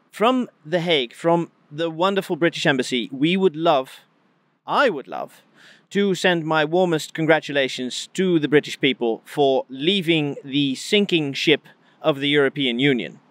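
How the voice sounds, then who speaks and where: Man, Dutch accent, emphatic and dramatic address, slightly high pitch. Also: expressive, moderate pace, a bit bright, no room sound. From Netherlands. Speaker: speaker addressing the British. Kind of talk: earnest political address.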